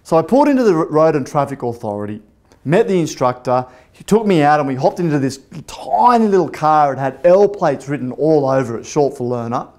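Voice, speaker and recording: A man delivers a motivational talk in a fairly high voice. He tells his story with energy and acts out the dialogue as he goes. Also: sing-song, fairly quick, darkish tone. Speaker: motivational speaker.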